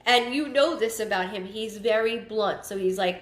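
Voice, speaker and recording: A woman giving a live psychic reading, thinking aloud in halting, repeated phrases and sounding stuffed up. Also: mid-range voice. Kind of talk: livestream reading. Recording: roomy echo.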